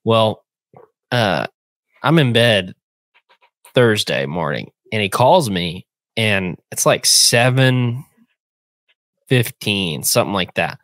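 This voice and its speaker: A young man casually retelling a hunting trip, animated and acting out the voices in a phone call. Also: lowish voice, takes it slowly, pauses often, dry recording. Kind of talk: casual storytelling.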